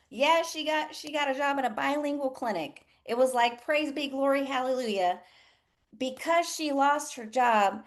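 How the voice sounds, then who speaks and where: A woman nurse coach hosting a casual livestream, frank and profane, laughing often as she talks. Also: high voice. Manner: animated, voices others in quotes. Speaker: nurse coach and live session host.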